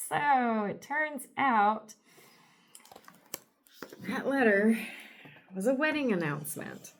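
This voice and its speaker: Unhurried woman retelling a comic. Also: a little high. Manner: animated storytelling, laughing often. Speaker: podcast host. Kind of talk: retelling a comic book on a podcast.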